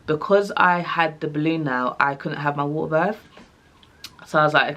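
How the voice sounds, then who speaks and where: Speaking at a normal speed in a low register, this young woman vlogs a personal story for her audience, and the audio sounds dull. She stays casual and lively, performing the voices of the people she quotes.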